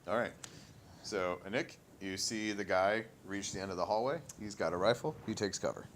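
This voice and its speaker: A man narrating as game master of a tabletop role-playing game, in a casual, halting way full of fillers. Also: lowish voice, a little hiss or hum.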